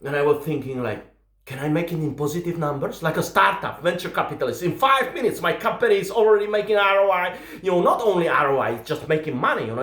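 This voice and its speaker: A man's voice: fairly high pitch, a bit bright, echoey room. A man with a Russian accent doing stand-up, telling rambling, profane stories in broken English. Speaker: stand-up comedian. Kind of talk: stand-up storytelling.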